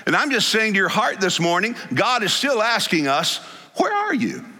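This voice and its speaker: Lively high-voiced preacher in a reverberant hall. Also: male voice, moderate pace. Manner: emphatic, preacherly, stresses single words. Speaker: pastor. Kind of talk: sermon.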